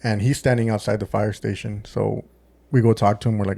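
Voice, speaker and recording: On the low side, creaky and mellow, this West Texas man speaks a little fast with a flat delivery and no room sound. A podcast co-host and former deputy, he tells a casual story full of swearing, acting out quotes with lots of "like" and "dude."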